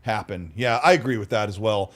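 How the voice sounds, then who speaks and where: A man's voice: on the low side, fairly quick, a bit bright. A man co-hosting a gaming podcast, speaking in a laid-back, agreeable way. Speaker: podcast co-host. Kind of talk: casual podcast chat.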